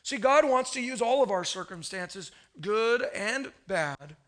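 A man's voice: sits high, lively intonation, a little slow, a bit bright. A male pastor preaching a sermon in a conversational, storytelling way, often asking the room questions.

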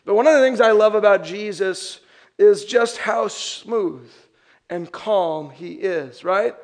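A man's voice: sits high, slow pace. A young adult man, a pastor, preaching a sermon and acting out the voices of people he describes. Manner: animated, acts out quoted voices.

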